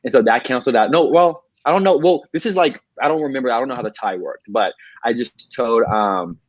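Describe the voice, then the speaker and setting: A man's voice: mid-range voice, lively intonation, a little fast, dry recording. Man rambling through a story, lo-fi sound. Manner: rambling storytelling, quotes himself. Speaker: game winner guest. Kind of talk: casual podcast recap. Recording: dull lo-fi sound.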